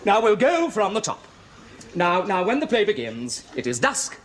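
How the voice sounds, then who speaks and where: A gushing, fussy stage director. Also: male voice, high-pitched, huge pitch swings, normal speed. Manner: effusive and fussy, many hesitant repeats. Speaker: amateur theatre director. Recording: noisy old television sitcom recording.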